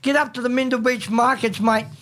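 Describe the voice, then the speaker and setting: Blustering Australian bloke, mate-heavy banter. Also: male voice, extremely high pitch, fairly even intonation, a little fast, sharp tone. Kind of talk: casual banter.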